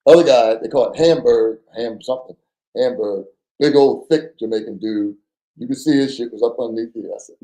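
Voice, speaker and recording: A man telling a story as a podcast guest, animated and acting out the voices of people in it, often stammering and repeating words. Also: mid-range voice, a little fast, reverberant, low-quality recording. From New Jersey. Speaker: podcast guest, former undercover FBI agent. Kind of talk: casual storytelling.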